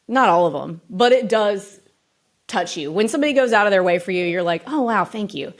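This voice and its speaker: A woman talking as a guest on an interview show. Her voice sits at an ordinary middle pitch. She tells stories in a relaxed, chatty way, with frequent filler words running through her sentences. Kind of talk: casual chat.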